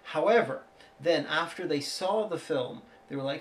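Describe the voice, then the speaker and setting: A man's voice: fairly high pitch, moderate pace. A man co-hosting a casual podcast, telling anecdotes and dryly correcting his partner. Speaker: podcast co-host. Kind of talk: casual chat.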